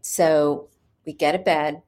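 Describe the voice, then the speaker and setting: A woman with a low voice tells a personal story in a candid, earnest way. She pauses often and fills gaps with small hesitations, so it sounds unscripted. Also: steady tone, a little mellow, a little hiss or hum. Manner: hesitant, with frequent pauses and fillers. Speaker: mother telling her birth story.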